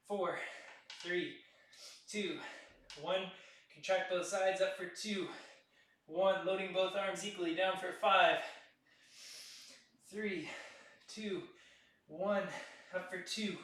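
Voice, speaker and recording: Bright-voiced man coaching a workout. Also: sits high. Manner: counting out reps, steady coaching cues. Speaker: fitness instructor. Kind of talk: live workout class instruction. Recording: echoey room, voice from a distance.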